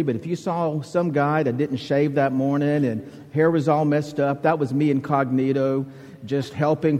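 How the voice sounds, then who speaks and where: A man's voice: a little high, darkish tone. A middle-aged man from Alabama with a Southern accent, preaching a conversational sermon as a guest preacher, joking and folksy. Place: church sanctuary. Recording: reverberant church hall.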